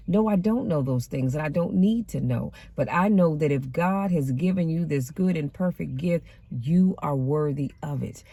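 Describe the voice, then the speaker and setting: A woman's voice: sits low, normal speed, few pauses, warm tone, breathy edge, dry recording. A middle-aged woman giving a casual motivational talk from inside a car, emphatic and conversational with a sassy, preacher-like edge. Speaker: deacon and motivational vlogger.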